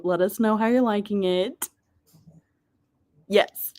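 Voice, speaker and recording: A woman hosting a live reading stream, chatting casually, reading viewers' messages aloud, often laughing and sometimes dropping to a soft whisper. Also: mid-range voice, slow pace. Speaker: livestream host of reading sprints.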